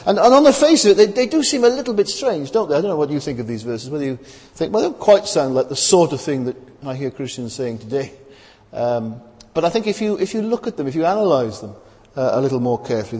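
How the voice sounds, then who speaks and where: A man's voice: fairly high pitch, darkish tone, in a large hall. A man preaching a sermon in a conversational, hesitant way, often restarting and adding rhetorical tag questions.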